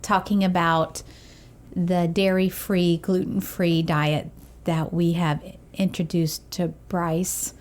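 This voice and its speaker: A woman's voice: lowish voice, flat delivery, slow, darkish tone. A woman in her thirties co-hosting a parenting podcast, chatting casually, giggling often and thinking things through. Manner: giggly, thoughtful. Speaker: podcast co-host. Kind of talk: casual chat.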